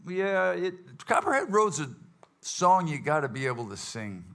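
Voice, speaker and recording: A man's voice: high voice, big pitch swings, a little slow, gravelly, fairly bright tone. A man leading his band's casual question session with a live audience, rambling and folksy, full of fillers and restarts. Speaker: bandleader hosting a audience Q&A. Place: event hall with live audience.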